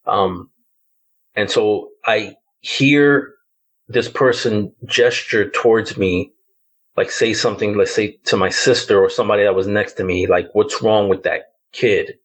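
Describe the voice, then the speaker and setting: A man's voice: fairly low pitch, measured pace, a bit bright, poor audio. A man around fifty, from the Bronx, telling a personal ghost story as a podcast guest in a loose, hesitant way, full of "like" and "um.". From the Bronx, New York.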